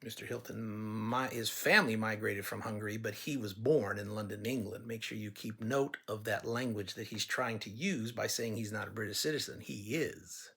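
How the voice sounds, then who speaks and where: A man's voice: on the low side, normal speed, gravelly, hardly any pauses, pushed and bright, breathy edge. A man running for office, speaking straight to listeners in a blunt, folksy way and telling stories to make his point. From California. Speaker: political candidate. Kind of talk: campaign talk to listeners.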